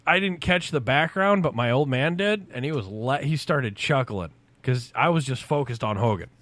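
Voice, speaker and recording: A man in his forties, a podcast host, telling a story in casual, profane chat, animated and loud at the big moments. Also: mid-range voice, normal speed, no echo.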